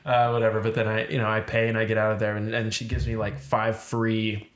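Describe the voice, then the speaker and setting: A low-voiced man co-hosting a podcast tells a story in casual chat, talking a little fast. He's an animated storyteller who mimics the people he quotes.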